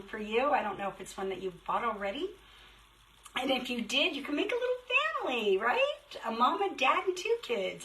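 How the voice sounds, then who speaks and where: A middle-aged woman hosting a casual live craft stream, chatty and rushed, greeting viewers by name. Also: a little high, bright, forceful tone, far from the mic, low-quality recording. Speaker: craft shop host.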